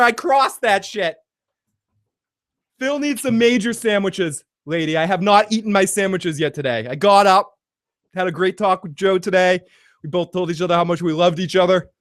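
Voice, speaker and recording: A man hosting a live trailer reaction stream, excitable and profane, often bursting into shouts. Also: sits high, moderate pace, no echo.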